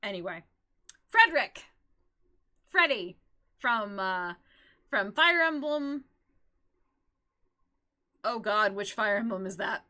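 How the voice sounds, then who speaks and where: Speaking at medium pitch, slowly and with long pauses, a streaming woman chats about characters she adores. Her manner is giggly, rambling and excitable, with frequent squeals.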